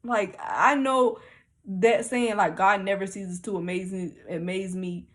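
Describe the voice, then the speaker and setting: A woman telling a personal spiritual story in a casual, animated way, laughing often and repeating herself as she talks. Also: mid-range voice, unhurried. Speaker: vlogger sharing spiritual experiences.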